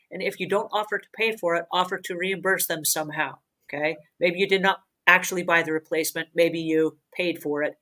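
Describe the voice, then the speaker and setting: A woman's voice: on the low side, low-quality recording. A woman hosting a cleaning advice show, talking in an earnest, emphatic way and often repeating herself for stress. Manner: emphatic, repetitive, earnest and animated. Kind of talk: conversational advice talk.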